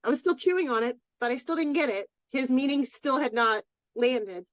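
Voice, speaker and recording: A woman's voice: high voice, lively intonation, normal speed, no echo. A woman co-hosting a podcast, openly telling a personal story in casual chat with many restarts. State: tearful. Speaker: podcast co-host. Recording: dry, dull lo-fi sound.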